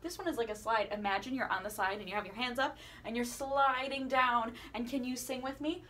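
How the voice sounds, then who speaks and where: A woman teaching children a playful singing lesson, asking questions and encouraging them as she swoops her voice high and low. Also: fairly even intonation, fairly quick, background noise. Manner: encouraging, asks the listener questions. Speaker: music teacher.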